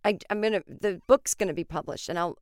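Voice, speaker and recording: A woman in her forties tells a comic story on her podcast, jumping into other people's voices as she goes. Her voice is smooth and clear, and she keeps the delivery casual with frequent swearing. It is recorded dry and close, with no room sound. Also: lowish voice, quick pace, dry recording. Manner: animated, acts out voices in quotes, swears freely. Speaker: podcast host.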